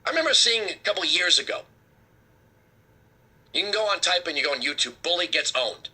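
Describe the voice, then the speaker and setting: A man hosting a political talk show, delivering a heated, sarcastic commentary rant with a husky edge. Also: high-pitched, animated, brisk, pushed and bright.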